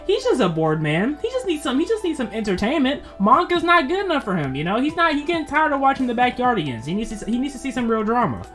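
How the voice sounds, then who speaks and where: A woman's voice: high voice, very animated, fast, hardly any pauses, fairly bright tone, faint music behind. A woman co-hosting with comedic commentary, riffing exclamatorily with slang and laughter. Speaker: co-host.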